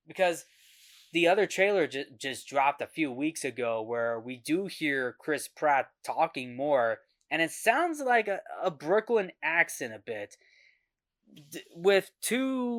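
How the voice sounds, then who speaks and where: A man hosts a casual film review with a fairly high voice, stumbling through restarts and repeated words. He is recorded dry and close, with no room sound around him. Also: lively intonation, takes it slowly, a bit bright, no room sound. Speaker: host.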